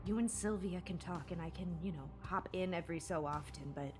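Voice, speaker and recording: A woman's voice: fairly low pitch, brisk, over music. A woman playing a tabletop game, playful and giggly. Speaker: player.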